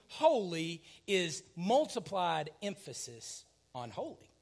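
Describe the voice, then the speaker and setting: A high-pitched man preaches a sermon. He swings between loud, emphatic declarations and soft, near-whispered asides, with the easy address of a pastor in his thirties. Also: big pitch swings, a little slow, vocal fry, hardly any pauses.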